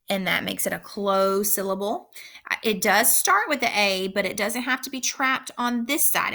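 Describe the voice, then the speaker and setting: Woman teacher doing a phonics video, bright voice, slow clear delivery, says every word twice. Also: mid-range voice. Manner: slow, clear instructional pacing with repeated words. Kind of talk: recorded phonics lesson.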